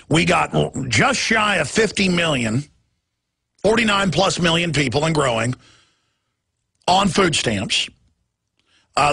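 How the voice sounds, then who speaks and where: A male talk show host ranting heatedly about politics, repeating himself and sometimes yelling. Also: a little high, vocal fry, breathy edge.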